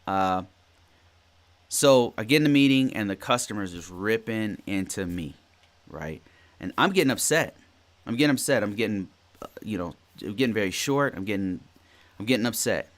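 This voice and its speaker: Guy in his 40s on a podcast, low voice, rambly, keeps restarting his sentences. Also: moderate pace. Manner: rambling, repeats and restarts phrases, animated storytelling. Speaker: podcast host. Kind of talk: casual solo podcast talk.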